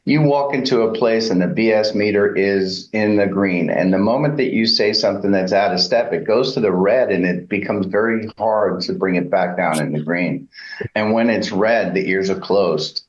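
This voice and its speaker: Male real estate coach, low voice, emphatic, roomy dull lo-fi sound. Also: moderate pace, a little hiss or hum. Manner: emphatic, acts out example lines. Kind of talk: coaching session talk.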